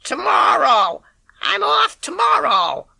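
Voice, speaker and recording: A man doing a boy's shrill fake old-lady voice. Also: wildly swooping pitch, gravelly, bright, forceful tone, no room sound, heavily acted. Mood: flustered, bluffing. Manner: shrill, drawn-out calls. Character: boy faking an old woman's high voice.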